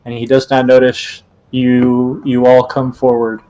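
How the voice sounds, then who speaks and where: A man runs a tabletop game, narrating at a slow, deliberate pace. He hesitates often and fills gaps with little fillers as he sets the scene, his pitch sitting in an ordinary middle range. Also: monotone, dark tone, rough recording. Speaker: game master.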